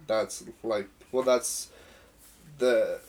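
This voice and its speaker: A man's voice: on the low side, fairly even intonation, drawn-out words, a little mellow. Rambling man chatting about music. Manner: rambling, storytelling, swears casually. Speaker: podcast host. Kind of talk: casual chat about music.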